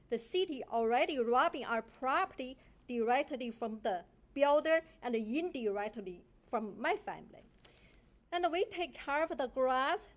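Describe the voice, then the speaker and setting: A woman with a Chinese accent speaks at a council podium, her voice set high. She is indignant and accusing, and her English is halting and broken. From China. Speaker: public commenter. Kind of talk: public comment at a council meeting. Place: council chamber.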